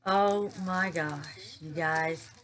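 Slow-talking woman gushing over crafts. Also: low-pitched, fairly bright tone. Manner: gushing, drawn-out, repeats herself. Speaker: crafting YouTuber. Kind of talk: casual unboxing vlog.

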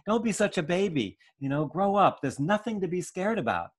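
A man's voice: sits high, sing-song, normal speed, voice pushed up. A man voicing a stressed, impatient father who dismisses his scared child. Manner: gruff, dismissive.

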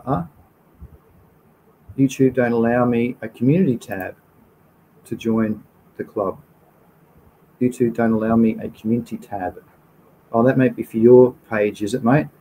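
A man's voice: medium pitch, mellow, a little hiss or hum, poor audio. A man with an Australian accent hosting a casual livestream, reading out viewer comments and answering questions in an informal, chatty way. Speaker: livestream host.

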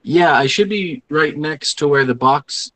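A man's voice: on the high side, measured pace, pushed and bright, low-quality recording. A man playing a tabletop game, describing his moves step by step. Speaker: player. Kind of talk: casual game chat.

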